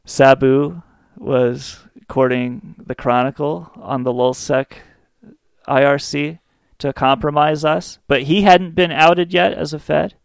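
A man's voice: mid-range voice, gravelly, dry recording, studio quality. A man co-hosting a podcast, telling stories in a wry way and mocking people by quoting them. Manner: wry storytelling with mocking quoted voices. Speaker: podcast co-host. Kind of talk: casual podcast chat.

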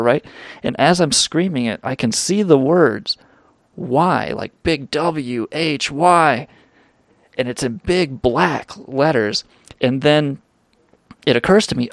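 A man's voice: medium pitch, takes it slowly, dry recording, studio quality. A young man hosting a radio show, telling a wild story in a rambling, profane way with lots of fillers. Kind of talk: storytelling drug anecdote.

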